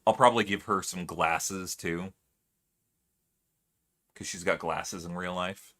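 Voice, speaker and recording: Man, live streamer, casual viewer chat, rather low pitch, laughs often. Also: steady tone, slow pace, sharp tone. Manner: chatty, laughs often, trails off into musing.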